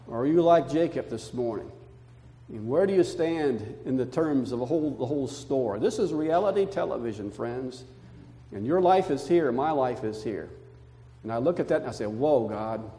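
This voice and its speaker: An older man, a pastor, delivering an animated sermon with emphatic storytelling, in a church. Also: mid-range voice. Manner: emphatic, animated storytelling, calming to soft reflection. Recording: long hall reverb.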